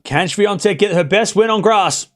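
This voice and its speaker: A man giving casual live play-by-play of tennis for his stream, talking to chat and shouting at big points. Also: high voice, normal speed. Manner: excitable, talks straight to chat, bursts of shouting at big points; casual and chatty, with slang and asides. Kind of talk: live watchalong play-by-play commentary.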